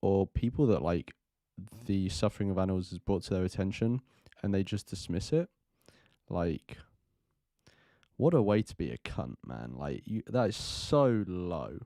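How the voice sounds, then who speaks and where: A man's voice: deep voice, lively intonation, measured pace, creaky, dark tone, no room sound, clean studio sound. A man hosting a live stream, reacting to a film in rambling casual commentary full of fillers.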